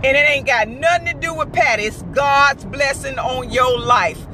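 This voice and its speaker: This woman's high, bright voice has a forceful tone and moves at a moderate pace over slight background noise. Recording an impassioned opinion vlog in her car on the way home from work, she gets preachy and repeats her points over and over.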